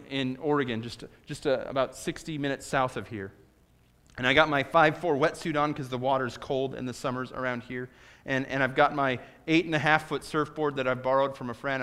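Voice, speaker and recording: A man's voice: medium pitch, a bit bright, clean tone. Man preaching in a reverberant hall. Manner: conversational preaching with dramatic pauses and swings in volume. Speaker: pastor. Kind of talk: sermon.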